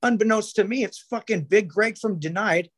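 A man with a husky, somewhat high voice talks on a podcast as a guest. He tells rambling, profane stories full of restarts and fillers. The tone is loose and unfiltered. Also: normal speed, fairly bright tone. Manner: rambling storytelling, heavy swearing, many restarts. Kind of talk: casual podcast chat.

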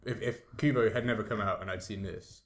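A man's voice: fairly low pitch, steady tone, fairly quick, a little hiss or hum. A man talking casually about films, blunt and profane. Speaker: podcast co-host. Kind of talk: casual film discussion.

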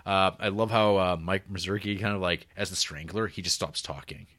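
A man's voice: low voice, steady tone, a little fast, fairly bright tone, dry recording. A man co-hosting a casual film podcast, talking loosely with lots of fillers and swearing. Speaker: podcast co-host.

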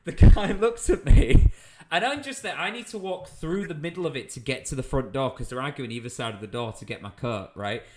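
A man's voice: medium pitch, fairly quick, very noisy. A young British man, a comedian, telling a funny anecdote in casual chat, laughing as he goes. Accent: British English. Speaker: comedian guest.

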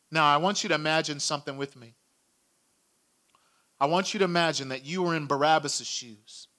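Man, sermon, high pitch, dramatic storytelling. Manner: dramatic storytelling, acting out crowd shouts, dropping to a hush. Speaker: preacher.

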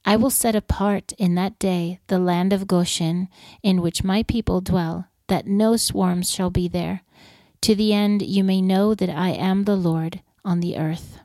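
Mellow-voiced woman reading scripture. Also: on the low side, no room sound, studio quality. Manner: measured, steady reading aloud. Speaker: scripture reader.

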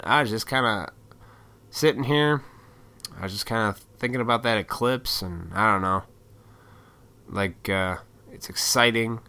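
A young man talks into a desk mic from a small home room, rambling loosely and swearing often. His voice sits on the low side but has a bright, forceful edge. He piles on fillers as he wanders from one thought to the next. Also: gravelly. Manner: rambling and profane, with many fillers. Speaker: YouTuber and toy collector. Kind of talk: casual solo chat. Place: small hot home room full of electronics.

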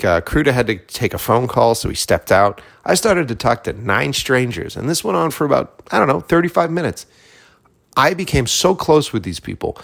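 A man's voice: mid-range voice, gravelly. A man from Boston telling a story in a casual monologue, swearing often and acting out the dialogue. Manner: profane, animated storytelling with acted-out dialogue.

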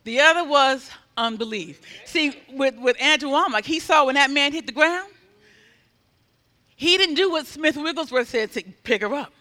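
A man preaching a sermon, telling stories in an animated way, acting out what people said and building to loud exhortation. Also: extremely high pitch, normal speed. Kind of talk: sermon storytelling. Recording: long hall reverb.

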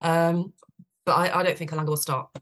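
A woman's voice: on the low side, level tone, brisk, fairly bright tone. A woman co-hosting a casual football podcast, making confident, emphatic predictions. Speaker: podcast co-host.

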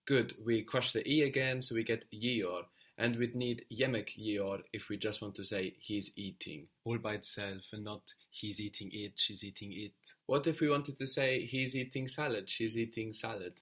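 Calm low-voiced male grammar teacher. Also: normal speed, hardly any pauses. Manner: calm, explanatory. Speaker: language teacher. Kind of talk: explaining grammar.

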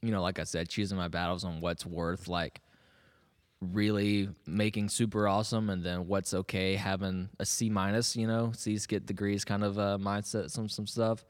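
A man's voice: fairly low pitch, little pitch movement, normal speed, big-room sound. A man in his thirties co-hosting a podcast, chatting casually and rambling with frequent restarts and laughs. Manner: rambling, self-interrupting, laughs often. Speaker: podcast co-host. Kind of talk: casual chat.

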